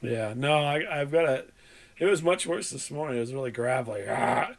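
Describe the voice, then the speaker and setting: A man hosting a podcast, his voice rough and hoarse from a cold, telling a rambling anecdote in casual chat and laughing at his own story. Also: medium pitch, animated, fairly quick. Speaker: podcast host.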